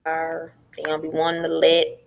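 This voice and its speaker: A woman's voice: low voice, normal speed, creaky. A middle-aged woman, a podcast guest telling her story in casual talk and acting out what others said. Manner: animated, acts out what others said.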